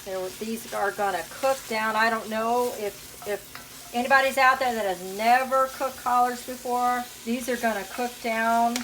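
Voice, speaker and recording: A woman with a Southern US accent talks her way through a recipe in a casual, homey manner, stirring as she goes. She sounds a little off-mic in an echoey kitchen. A pan sizzles loudly behind her. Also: a little high, steady tone, measured pace, recorded from a distance, a little hiss or hum. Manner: chatty, homey, talks while stirring and cooking. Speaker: cooking channel host. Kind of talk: casual cooking demonstration. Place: borrowed home kitchen, indoors. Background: frying and sizzling from the stove.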